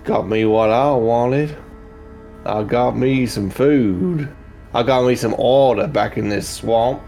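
A man voicing an ancient female swamp hag who becomes a black dragon, drawn-out and threatening. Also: on the low side, vocal fry, darkish tone.

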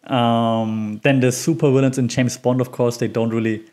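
A man's voice: medium pitch, level tone, normal speed, a little mellow. A man hosting his own podcast, talking in a loose, chatty way full of ums and small laughs at himself. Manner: rambling and chatty with frequent ums. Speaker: podcast host. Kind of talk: casual solo podcast commentary.

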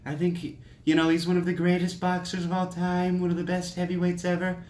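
A man's voice: high-pitched, completely flat delivery, brisk, a little mellow, reverberant, pitched above the performer's own voice, close to an everyday voice. A man mimicking a bragging older politician. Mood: boastful. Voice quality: drawling, repetitive bragging. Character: boastful older male politician, self-assured. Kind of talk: comic impression in podcast chat.

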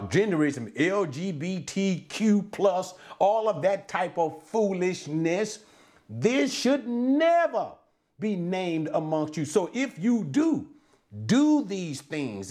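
A man preaching in a high, animated voice that swoops up on stressed words. He speaks slowly and emphatically, stretching key phrases and scattering fillers between them. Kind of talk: expository Bible teaching and preaching.

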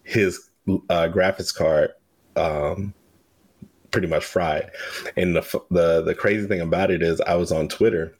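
Deep voiced dude chilling, telling what he heard, casual podcast chat. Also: steady tone, measured pace. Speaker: podcast co-host.

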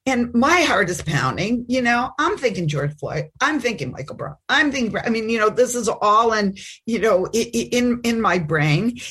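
A breathy middle-aged woman recounts a story as a talk show guest. Her pitch sits mid-range, and she talks in halting bursts with many restarts and fillers. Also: a bit bright. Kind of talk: personal storytelling. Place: Chicago.

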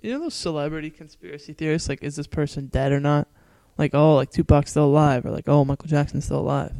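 A man's voice: on the high side, steady tone, fast, vocal fry, mellow, no room sound. Young male co-host, easygoing and laughing, dry studio mic. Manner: laid-back, laughs often, frequent "yeah". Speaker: podcast co-host. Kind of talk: casual chat. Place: recording studio.

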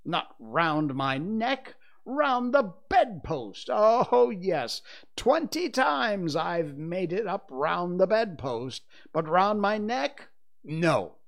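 A man voicing a pompous, blustering father in a temper, yelling and turning sarcastic. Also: high voice, sing-song, extremely slow, vocal fry, pitched above the performer's own voice, full character voice. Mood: ranting.

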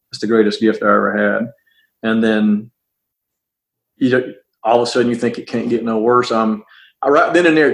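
A middle-aged police officer tells a personal story, halting and earnest, often repeating words and starting over. His voice sits at a medium pitch with a slightly bright edge, and the audio quality is poor.

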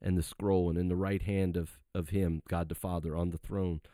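A man's voice: sits low, level tone, moderate pace, dark tone, no room sound, clean studio sound. A man, a pastor, explaining scripture in earnest conversation and rising to fervent emphasis. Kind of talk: conversational Bible study.

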